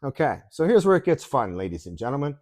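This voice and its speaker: A man co-hosting a podcast, telling a story in a casual, animated way, laughing often and swearing freely. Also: mid-range voice, fast talker. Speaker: podcast co-host.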